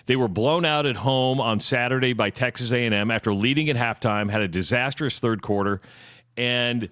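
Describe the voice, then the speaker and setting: A male sports radio co-host who walks through numbers and records in a measured, matter-of-fact way. His voice sits at a middle pitch, recorded close and dry in a studio with no reverb. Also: a bit bright. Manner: measured, runs through facts and figures, some stammering restarts. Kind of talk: sports talk radio discussion.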